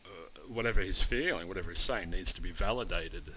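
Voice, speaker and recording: A man's voice: sits low, fast talker, slight background noise, low-quality recording. A man co-hosting a podcast, talking frankly and expressively in casual chat. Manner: frank, expressive, uses blokey slang. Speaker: podcast co-host.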